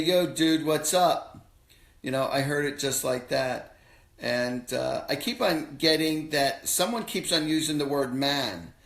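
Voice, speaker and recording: Casual, halting male psychic in echoey room. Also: a little high, fairly bright tone. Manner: casual, halting, relays spirit messages in slangy quotes. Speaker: psychic medium host. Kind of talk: live-stream readings for callers.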